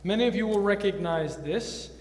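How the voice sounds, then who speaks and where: A man's voice: sits high, animated, normal speed. A man performing as a stage magician, teasing his volunteers with playful patter before a live audience. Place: large roomy hall before a live audience. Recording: echoey hall recording with faint music.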